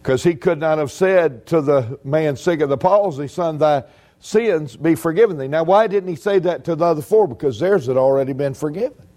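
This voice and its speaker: Male preacher, folksy and humorous, slightly high voice. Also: warm tone. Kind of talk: sermon.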